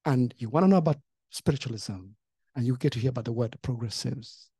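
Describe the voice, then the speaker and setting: A pastor recounts a testimony in conversation, voice leaping up as the story grows heated. Mid-pitched and lively, recorded close and dry. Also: fast talker, slightly rough, no echo. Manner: animated storytelling, acting out quotes. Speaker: pastor and co-host.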